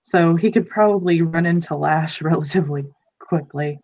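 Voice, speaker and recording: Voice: medium pitch, moderate pace, darkish tone, dull audio. A tabletop game host chatting casually, hesitant, with many fillers and restarts. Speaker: host and player.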